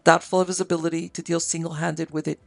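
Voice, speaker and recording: A man reading history and a story aloud in a slow, measured way. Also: a little high, flat delivery, creaky, dry recording. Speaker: audiobook narrator. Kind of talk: scripted narration of history and story.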